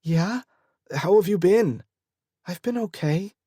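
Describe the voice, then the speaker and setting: A man's voice: high voice, expressive, slow pace, warm tone, husky, no echo, clean studio sound, voice pushed up, exaggerated voice. A man voicing a woman who is an old first love, speaking uncertainly and apprehensively in an audiobook. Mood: tentative. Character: hesitant woman, long-lost first love.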